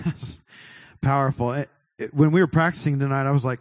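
A man giving a relaxed church talk on prayer at a middle pitch. He talks in a chatty way, laughs a lot and often stops to restart his sentences. The sound is dry and close. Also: brisk, dry recording. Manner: chatty, laughing, self-interrupting. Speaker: worship leader. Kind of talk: casual church teaching on prayer. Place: church worship service.

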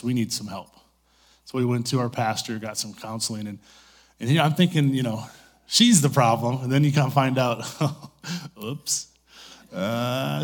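A middle-aged man giving a sermon in a conversational, storytelling way, full of asides. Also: mid-range voice. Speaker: pastor.

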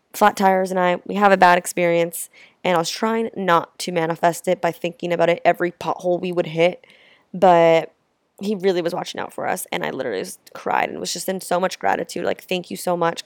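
Young woman, travel vlogger, chatty storytelling, gravelly low voice, dry close recording. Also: no echo. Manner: chatty, heartfelt, lots of "like" fillers. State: tearful at times. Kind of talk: casual storytelling to camera.

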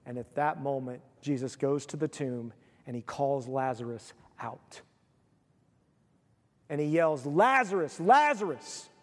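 A male pastor preaching a sermon, telling the story with animated, acted-out voices. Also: mid-range voice, a little slow, pauses often, long reverb tail.

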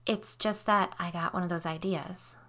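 Lady doing a teen girl, brash, swears, yelps and hisses, bright voice. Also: on the low side, steady tone, normal speed, lightly acted. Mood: uneasy. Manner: blurts and hisses, loud outbursts. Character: brash shocked teenage girl who swears.

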